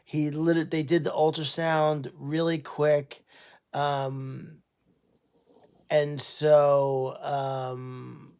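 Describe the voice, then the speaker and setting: A man who runs an animal sanctuary, talking casually on a livestream, tired and unwell, halting with many fillers and restarts. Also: a little high, flat delivery, darkish tone, clear, resonant tone.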